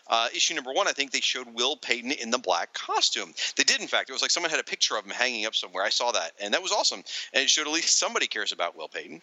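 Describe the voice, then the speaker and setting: Animated fast-talking bright-voiced man. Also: medium pitch, no room sound, low-quality recording. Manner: animated, laughs often, reads comments aloud. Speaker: podcast co-host. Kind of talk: casual podcast chat reading listener mail.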